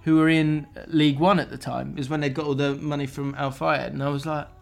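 Man, podcast host, chatty and rambling, a touch higher-pitched. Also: level tone, fast, vocal fry. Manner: rambling, laughs while telling stories. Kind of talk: casual football chat.

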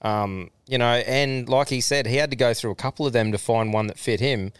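A man's voice: medium pitch, fairly quick, smooth, no echo. A man with an Australian accent hosting a podcast, chatting casually, laughing often and swearing freely. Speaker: podcast host. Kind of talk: casual chat.

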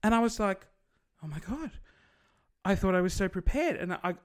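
A woman telling a story in casual podcast chat, animated, acting out the people she quotes. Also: medium pitch, fast talker, clean tone. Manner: animated, acts out quoted voices.

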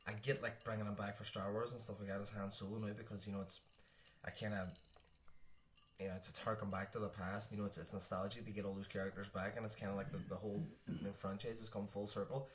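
Fast-talking man bantering. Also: on the low side, level tone, a little hiss or hum. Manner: quick banter, swears, laughs a lot. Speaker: podcast co-host. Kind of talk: casual film chat.

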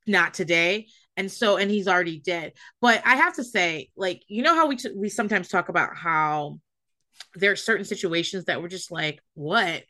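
Woman co-host, bright forceful tone, candid and profane, casual chat. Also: lowish voice, expressive, normal speed. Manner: candid, swearing, laughing storyteller. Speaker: podcast co-host. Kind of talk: casual chat recapping a TV show.

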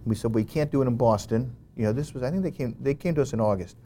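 Male guest, middle pitch, lively anecdote teller who often restarts his sentences. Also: quick pace, a little hiss or hum. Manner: animated, frequent "you know" fillers and restarts. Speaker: interview guest. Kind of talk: conversational storytelling.

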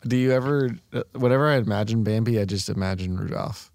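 A man's voice: lowish voice, fast, creaky, a little mellow, dry recording. A man in casual chat, laid-back and joking, mostly giving short replies.

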